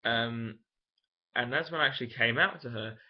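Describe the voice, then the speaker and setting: A man's voice: medium pitch, moderate pace, breathy edge. A young man, telling a personal story to camera in a frank, emotional, rambling way. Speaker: vlogger. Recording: dull lo-fi camera audio.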